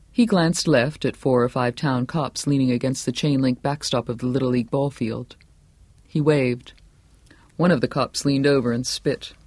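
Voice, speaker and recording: A man narrates a novel in a steady, measured way, never rushing. His voice sits at a middle pitch. The recording is dry and close, with no room sound. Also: no room sound. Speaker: audiobook narrator. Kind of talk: scripted narration.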